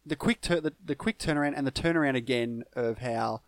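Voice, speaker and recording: A man's voice: medium pitch, a little fast, no echo. A man co-hosting a casual film review podcast, easygoing and laughing often, with hesitant restarts. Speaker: podcast co-host.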